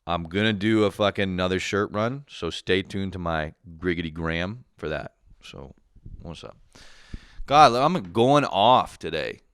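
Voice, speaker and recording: A man's voice: low voice, steady tone, normal speed, clean tone. A man in his thirties, a drunk podcast host, ranting in a profane, sarcastic casual way. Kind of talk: casual comedic rant.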